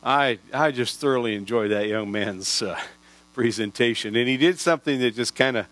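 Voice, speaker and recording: A man's voice: medium pitch, moderate pace, a bit bright, low-quality recording. Folksy man in his sixties preaching. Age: 60s. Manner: folksy, rambling with restarts. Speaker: pastor. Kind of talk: sermon storytelling. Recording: dry with mains hum.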